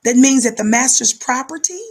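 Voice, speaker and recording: A woman with a brisk delivery and a breathy edge gives fiery, preaching-style commentary. She's emphatic and rhythmic, repeating words for effect, and describes herself as high-energy.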